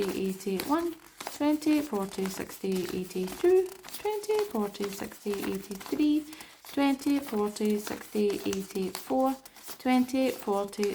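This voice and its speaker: Chatty British woman with a gravelly edge. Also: mid-range voice, darkish tone, slight background noise. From United Kingdom. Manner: chatty and rambling, with self-mocking asides. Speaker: budgeting vlogger. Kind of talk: casual chat to camera.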